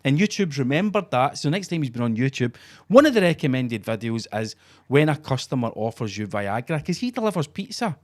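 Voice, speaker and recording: A man's voice: mid-range voice, a little fast. Sweary Scottish man in his forties. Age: 40s. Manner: sweary, mocking and animated. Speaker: podcast co-host. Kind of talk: casual chat.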